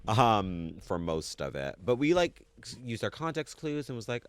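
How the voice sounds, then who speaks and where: A young man co-hosting a podcast in casual chat, with an expressive delivery full of gasps and exclamations. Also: moderate pace, smooth, dry recording. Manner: expressive, gasps and laughs, swings up and down in pitch. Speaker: podcast co-host.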